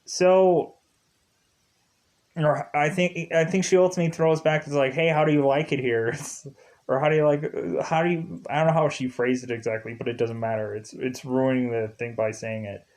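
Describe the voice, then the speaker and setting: A man's voice: mid-range voice, steady tone, normal speed, darkish tone. A man casually recapping a TV episode in a rambling way, repeating filler words and chuckling often. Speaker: TV show reviewer. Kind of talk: casual commentary.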